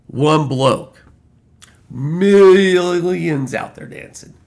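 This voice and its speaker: Heated vlogger man, gravelly voice, swears freely and hammers points home. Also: fairly high pitch, drawn-out words, darkish tone. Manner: heated and profane, repeating lines for emphasis. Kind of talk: angry political rant.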